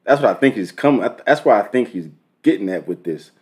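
A young man hosting a music reaction video, talking in loose, profane slang and thinking out loud with frequent restarts. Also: lowish voice, expressive, fairly quick. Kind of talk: casual reaction commentary.

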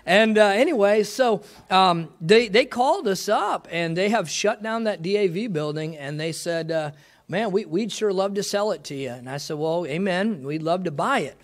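A male pastor giving a folksy missions testimony to a church, quick and full of praise exclamations. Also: high voice.

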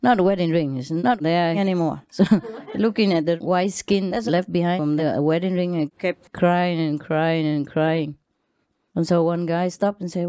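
A woman's voice: fairly low pitch, moderate pace, warm tone, no room sound, studio quality. A woman spiritual teacher giving an informal talk to her disciples, telling stories in a playful, laughing way.

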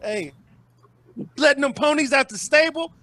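A man's voice: very high-pitched, normal speed, bright, forceful tone. A man on a group call, mocking the host and egging listeners on in crude banter. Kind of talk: crude trash-talk banter.

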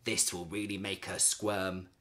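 A woman voicing a sly, mischievous young boy in a lower, smirking tone. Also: little pitch movement, unhurried, fairly bright tone.

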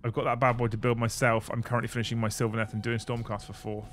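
A man's voice: mid-range voice, little pitch movement, quick pace, fairly bright tone, slight background noise. A man hosting a casual livestream, chatting and thanking viewers while building models. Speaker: livestream host. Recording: faint music behind.

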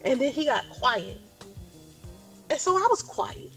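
Woman in her 40s, high voice, chatty rambling storyteller, faint music underneath. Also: very animated, measured pace, fairly bright tone. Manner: rambling, filler-heavy retelling of a conversation. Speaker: storyteller in a clip. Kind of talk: casual storytelling.

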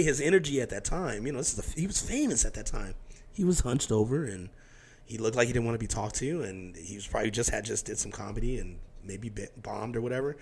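Fast-talking, gravelly-voiced male host. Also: medium pitch, expressive. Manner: loose, profane storytelling with impressions of others. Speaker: podcast host. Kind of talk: casual interview chat. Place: home studio.

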